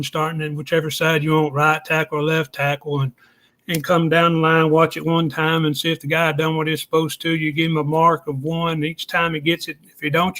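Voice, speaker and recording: A man's voice: a little high, fairly bright tone. A man, talking casually as a guest and explaining things step by step in a folksy, plainspoken way. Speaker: guest analyst. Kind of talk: casual podcast chat.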